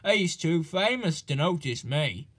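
A man's voice: on the high side, animated, measured pace, fairly bright tone, slightly rough, heavily acted. A man voicing a modest, shy little male engine in a storybook reading, polite and earnest. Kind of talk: storybook character voice.

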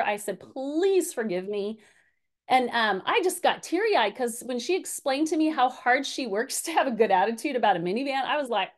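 A woman in her forties leading a parenting class Q&A, candid and story-driven, with many fillers and restarts. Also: on the high side. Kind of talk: teaching a group Q&A.

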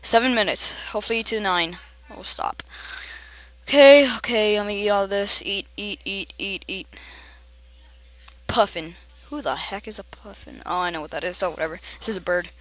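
A young woman giving excited gameplay commentary, often shouting at other players and laughing. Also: mid-range voice, moderate pace. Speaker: gamer.

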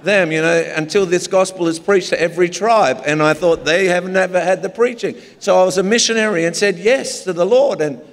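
A man's voice: sits high, fairly quick, hardly any pauses. A man with an Australian accent, a pastor preaching a humorous, story-filled sermon in a large church. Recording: long hall reverb.

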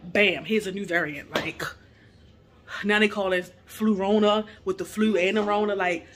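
Woman in her 40s, casual home vlogger, chatty, mid pitch, faint hiss behind. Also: fairly even intonation, moderate pace. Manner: chatty, addresses viewers as y'all. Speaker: vlogger, mother of two. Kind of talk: casual home vlog chat.

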